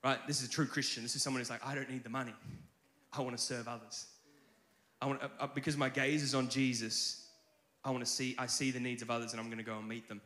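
A man preaching a sermon as pastor, telling stories in a conversational, animated way with many restarts. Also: mid-range voice, fast talker, roomy sound.

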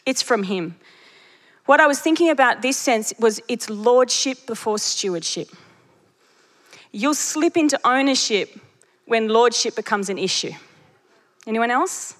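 A woman preacher delivering a sermon, telling stories with lively energy and laughing at her own jokes. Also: on the high side, unhurried, pauses often. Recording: long reverb of a large hall.

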